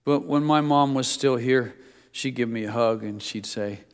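A man's voice: mid-range voice, steady tone, normal speed, clear, resonant tone. A middle-aged male pastor giving a sermon, with folksy stories in a conversational preaching manner. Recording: long reverb of a church hall.

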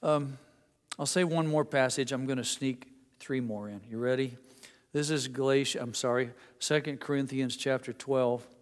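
A man's voice: medium pitch, fairly even intonation, normal speed. A middle-aged man preaching a sermon, telling stories and reading scripture in an earnest way. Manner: storytelling, earnest, with Bible readings. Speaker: pastor. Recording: long reverb of a hall.

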